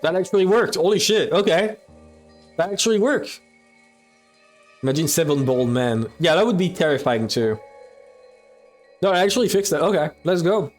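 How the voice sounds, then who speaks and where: A man reads a visual novel aloud on stream, his fairly high voice bouncing up and down with lively pitch. He keeps stopping the narration to chat and swear casually. Faint music plays under him. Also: moderate pace, long pauses.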